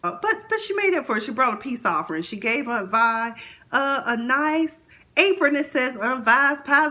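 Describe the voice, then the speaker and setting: A woman's voice: high voice, expressive, moderate pace, pushed and bright. A woman hosting a casual TV recap, chatting and acting out the characters' lines with big swings in her voice. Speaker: TV recap host.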